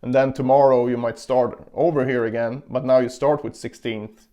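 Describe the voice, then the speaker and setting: A man's voice: mid-range voice, fairly even intonation, normal speed, mellow. A man giving a casual guitar lesson, explaining picking and counting beats aloud as he demonstrates. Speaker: guitar teacher. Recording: guitar playing in between.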